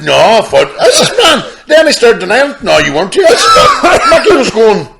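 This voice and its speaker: A man, co-hosting a podcast and telling a story in an exasperated, animated way with plenty of swearing. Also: very high-pitched, normal speed, gravelly, few pauses, heavy background noise. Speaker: podcast co-host. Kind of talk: casual chat.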